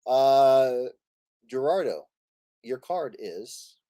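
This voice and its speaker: A male streamer talking in an animated way, his pitch jumping all over as he laughs and jokes. His voice is recorded close and dry, with no room sound. He teases his friends and swears playfully. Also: very slow, dry recording. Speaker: streamer host. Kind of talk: casual live-stream chat while playing.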